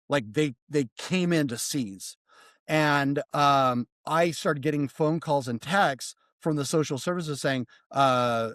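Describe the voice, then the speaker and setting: Male podcast guest, casual storyteller, slightly high, dry close sound, lively and profane. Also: unhurried, no room sound. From United States. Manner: animated, swearing, mimics voices in quotes.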